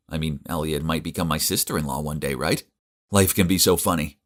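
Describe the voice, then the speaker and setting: Deep-voiced young man narrating a story. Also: a little fast. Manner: earnest, emotive storytelling. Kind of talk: scripted first-person narration for an animated story.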